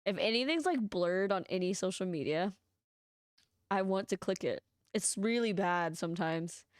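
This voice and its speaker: A woman's voice: mid-range voice, lively intonation, moderate pace, no echo, clean studio sound. A woman streaming a video game, chatting casually and rambling with lots of giggles. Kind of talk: casual chat while playing a video game. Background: game music.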